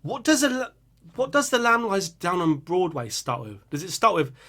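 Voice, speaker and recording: Young music host, casual and animated, lively high voice. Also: male voice, moderate pace. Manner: animated, bursts into singing and screaming riffs. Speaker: music reaction channel host. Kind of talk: casual chat reading viewer picks.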